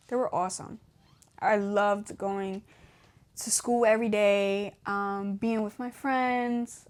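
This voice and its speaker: A young adult woman hosting a podcast, telling her personal testimony in a casual way, laughing often and acting out what she said back then. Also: mid-range voice. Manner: casual, laughs often, acts out her own past dialogue. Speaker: podcast host.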